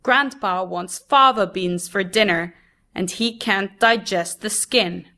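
A woman voicing a busy, doting older grandmother who fusses over her family. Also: takes it slowly. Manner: fussy, affectionate, higher and louder than the narration.

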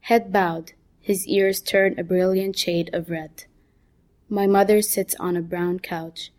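A woman reads her own short story aloud in the first person. Her voice sits slightly low, and she takes a very slow, calm pace. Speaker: author reading her own stories. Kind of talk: story reading.

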